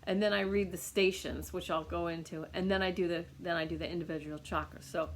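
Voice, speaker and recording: A woman's voice: lowish voice, fairly even intonation, a little fast, a little hiss or hum. A woman giving a casual, rambling recorded healing reading to a client, with lots of fillers and restarts. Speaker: energy healer reading for a client.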